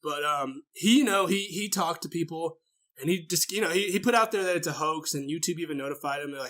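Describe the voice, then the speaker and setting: A man's voice: on the high side, fast talker, bright, forceful tone. A young man co-hosting a casual group chat, telling profane stories and acting out little scenes. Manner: profane storyteller who acts out little scenes. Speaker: podcast co-host.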